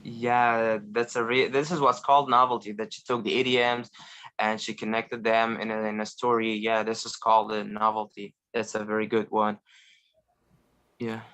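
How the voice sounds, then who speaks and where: A man's voice: on the low side, level tone, moderate pace, a bit bright. A young Egyptian man with an Egyptian accent, chatting eagerly as a guest with lots of fillers and restarts. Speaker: guest, language learner. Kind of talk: casual video call chat.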